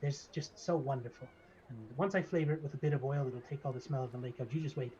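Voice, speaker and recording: A man's voice: mid-range voice, steady tone, fast, warm tone, close to an everyday voice. A man voicing a fussy little male gnome barber who rambles eagerly and a bit creepily. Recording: slightly dull lo-fi mic, faint noise.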